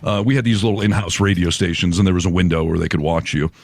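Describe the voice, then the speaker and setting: A man's voice: low-pitched, fast talker, vocal fry, no room sound, clean studio sound. A man co-hosting a casual podcast, reading items from a list and joking, often laughing at himself. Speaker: podcast co-host.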